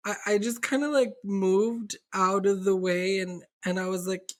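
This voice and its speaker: A woman's voice: medium pitch, steady tone, a little slow, few pauses. A young adult woman co-hosting a podcast, telling a candid story in casual chat, rambling and swearing with lots of fillers. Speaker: podcast co-host.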